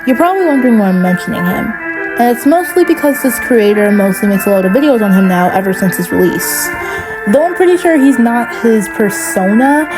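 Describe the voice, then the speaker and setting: A woman YouTuber giving a casual commentary rant, chatty and rushed with lots of fillers. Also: on the high side.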